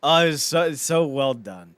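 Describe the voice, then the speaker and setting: A man's voice: fairly high pitch, lively intonation, measured pace, a bit bright, no echo. A man co-hosting a casual podcast, recapping TV scenes by acting out the characters' lines. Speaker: podcast co-host. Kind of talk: casual chat.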